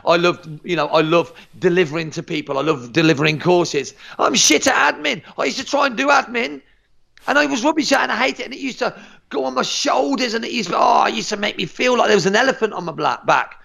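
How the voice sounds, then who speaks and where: Guy on a podcast, super gravelly, high for a man, fired up and swearing, stumbles over his words. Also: fast. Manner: energetic, emphatic, swears freely, stumbles and repeats words. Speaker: martial arts instructor, podcast guest. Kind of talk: motivational podcast chat.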